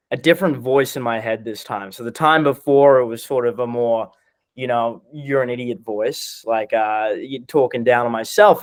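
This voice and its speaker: A man's voice: mid-range voice, dry recording. A young man in his twenties, speaking hesitantly with many restarts while describing a personal struggle on a podcast. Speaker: guest being coached. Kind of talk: casual podcast conversation.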